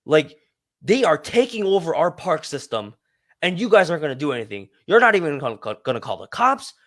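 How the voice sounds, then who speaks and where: A man voicing an enraged, entitled man yelling about his park, indignant and loud. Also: medium pitch, animated, fast talker. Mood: furious ranting.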